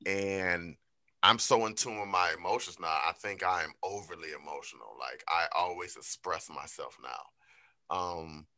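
Deep-voiced, bright-toned man chatting candidly. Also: measured pace, no room sound, clean studio sound. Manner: candid, reflective, animated when quoting himself. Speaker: podcast co-host. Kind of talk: casual chat.

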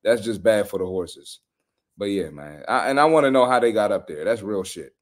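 A man's voice: fairly low pitch, moderate pace. Blunt slangy male podcast host. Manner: blunt, animated, slangy trash talk. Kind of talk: casual reaction commentary.

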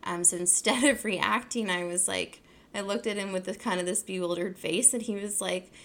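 Young woman, podcast host, gravelly vocal fry, rambling casual talk, lots of fillers. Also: mid-range voice, steady tone, moderate pace, fairly bright tone. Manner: rambling, full of fillers and self-corrections.

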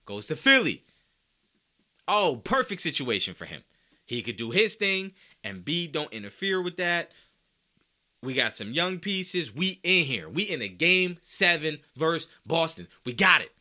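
A man's voice: a little high, very animated, measured pace, pushed and bright. A man hosting a sports podcast, ranting with strong opinions, casual slang and rhetorical questions. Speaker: podcast host.

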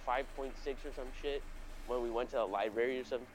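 A man's voice: medium pitch, quick pace, a little hiss or hum, low-quality recording. A young man hosting a casual chat, telling a story in a rambling, profane way with lots of fillers and restarts. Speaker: podcast host.

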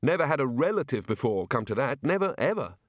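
A man's voice: mid-range voice, big pitch swings, fast talker, no echo, clean studio sound. A man voicing a morose, nervous male wizard who grumbles and frets.

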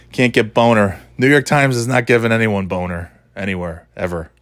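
A man's voice: lowish voice, steady tone, normal speed, fairly bright tone. A man hosting his own podcast who rambles casually, swears freely and laughs often as he talks. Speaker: podcast host. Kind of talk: casual solo chat.

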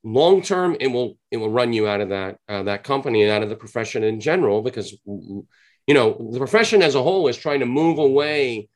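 A man in a relaxed interview, talking earnestly and explaining his points step by step. His pitch sits in an ordinary middle range, and he slows down to lean on the words that matter. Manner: earnest, explanatory, drawn-out emphasis on key points. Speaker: podcast guest, sales trainer. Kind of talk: conversational interview answer.

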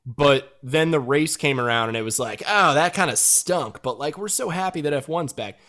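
Rambling podcast host. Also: male voice, medium pitch, lively intonation, fairly quick, fairly bright tone. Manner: rambling, filler-heavy, self-correcting. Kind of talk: casual chat.

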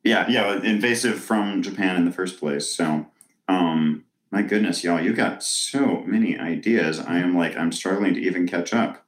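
A man with a very low voice hosts a loose brainstorming session, reading out suggestions and reacting with delight. His voice carries a noticeable echo from the room around him. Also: normal speed. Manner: enthusiastic, laughs often. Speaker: podcast host reading listener suggestions. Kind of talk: casual brainstorm chat.

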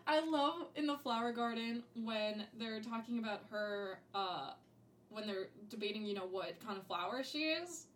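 A woman's voice: a little high, animated, moderate pace, a little hiss or hum. A young adult woman co-hosting a podcast in casual chat, giggling often and quoting lines in playful voices. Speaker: podcast co-host.

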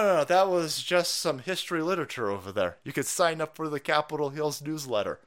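A man hosting a profane, sarcastic political rant show, breaking into loud mock outrage. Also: fairly high pitch, expressive, brisk, hardly any pauses. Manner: foul-mouthed, sarcastic, shouting in mock outrage. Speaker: political commentary host.

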